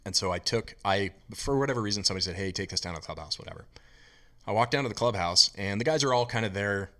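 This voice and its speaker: A man who is a guest on a podcast, telling stories in a casual, animated way and acting out the people in them. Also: fairly low pitch, quick pace. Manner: animated anecdote teller, voices the people in his stories. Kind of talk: casual storytelling.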